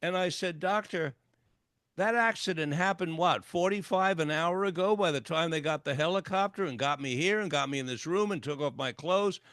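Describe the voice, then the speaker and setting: A man's voice: on the high side, normal speed, a bit bright, dry recording, clean studio sound. An older man, a psychologist and author, telling a personal story in a radio interview and acting out the dialogue vividly. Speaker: guest, clinical psychologist and author.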